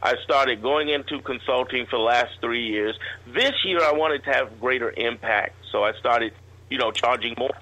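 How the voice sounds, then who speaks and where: A man's voice: medium pitch, moderate pace, pushed and bright, low-quality recording. A man, a guest entrepreneur, telling a rambling anecdote in a casual interview.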